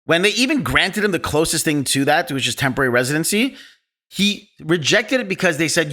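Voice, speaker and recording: Podcast host, male, bright tone, animated and opinionated storyteller. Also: a little high, fairly quick. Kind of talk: casual film discussion.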